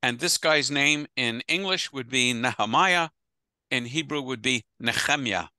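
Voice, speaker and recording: Chatty rabbi with a bright, dry voice. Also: male voice, mid-range voice, moderate pace, clear, resonant tone, no echo. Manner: chatty, digressive, laughs easily. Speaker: rabbi teaching a class. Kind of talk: casual adult-education lecture. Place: online video call. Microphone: video call.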